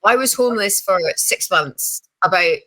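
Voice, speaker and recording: A woman in her fifties chatting as an interview guest, telling lively stories with frequent laughs and acted-out quotes. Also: medium pitch, normal speed. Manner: chatty storytelling, laughs often, acts out quoted voices. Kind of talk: casual interview chat.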